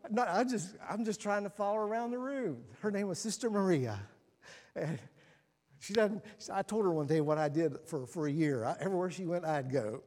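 A man preaching a sermon, moving from quiet and solemn to animated storytelling. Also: fairly quick. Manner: animated storytelling, rising to excited, laughing highs. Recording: long reverb of a large hall.

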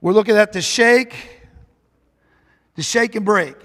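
Fervent high-voiced preacher in a hall. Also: male voice, measured pace, fairly bright tone. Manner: fervent, emphatic preaching with repetitions. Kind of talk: sermon. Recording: long hall reverb.

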